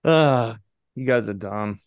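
Mid-pitched gravelly man, dry teasing podcast host, close dry mic. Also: slow, no echo. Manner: dry, teasing one-liners. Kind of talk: casual movie chat.

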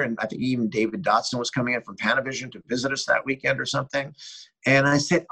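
A middle-aged man, a cinematographer, telling rambling and animated anecdotes in an interview, often restarting his sentences. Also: mid-range voice, fast, gravelly, slightly rough, poor audio. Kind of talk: interview storytelling.

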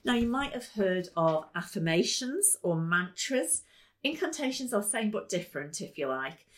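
A woman's voice: medium pitch, very animated, moderate pace. A woman hosting a podcast as a life coach, talking in an enthusiastic, emphatic and chatty way. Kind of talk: motivational podcast talk.

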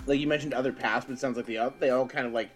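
A man's voice: mid-range voice, fairly even intonation, very fast, faint music behind. Rambling man at a game table. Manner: rambling with many likes. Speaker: player. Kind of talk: casual chat in a tabletop game.

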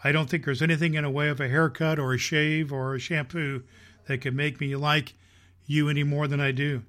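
A man reading the part of a stunned young husband, speaking low and subdued. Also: level tone, a little fast, fairly bright tone, lightly acted.

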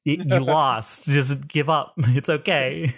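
A man running a tabletop game as game master, relaxed and joking, swearing casually. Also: mid-range voice, slow pace, vocal fry. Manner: relaxed, swearing, laughs at players.

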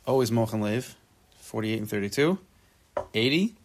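A man teaching a relaxed Torah class, translating the text phrase by phrase, with joking asides and repeated words as he thinks aloud. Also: lowish voice, normal speed, slight background noise. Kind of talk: casual spoken Torah class.

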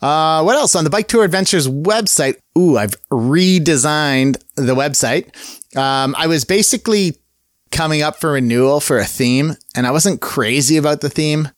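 A man's voice: on the high side, moderate pace, no room sound, clean studio sound. A man hosting his own podcast in a casual solo chat. He rambles in an upbeat way and often corrects himself mid-sentence. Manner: rambling and upbeat, with many fillers and self-corrections. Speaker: podcast host.

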